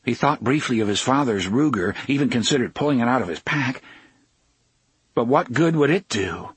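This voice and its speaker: A man narrating an audiobook in a measured storytelling manner, often slowing down for suspense. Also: medium pitch, lively intonation, slightly rough, dry recording. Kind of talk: scripted narration.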